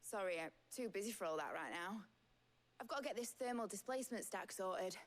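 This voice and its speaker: A woman's voice: mid-range voice, expressive, fairly quick, close to an everyday voice. An actress with a Yorkshire accent voicing a young ship engineer in a video game, talking eagerly as she explains her invention. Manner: chatty, enthusiastic, explains things. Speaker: game character. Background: game music.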